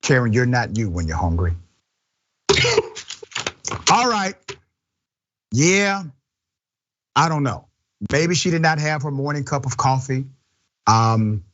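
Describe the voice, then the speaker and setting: A man's voice: mid-range voice, measured pace, pauses often, highs cut off. A man hosting a political talk show, delivering emphatic commentary. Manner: emphatic, lively. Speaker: host.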